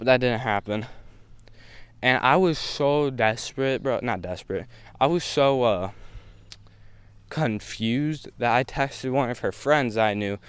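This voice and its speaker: A young man tells a story in a laid-back vlog, full of slang and quick laughs. His voice comes across smooth and clear on a close mic. The sound is dry, with no room around it. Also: mid-range voice, no echo. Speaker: vlogger. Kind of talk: casual storytime.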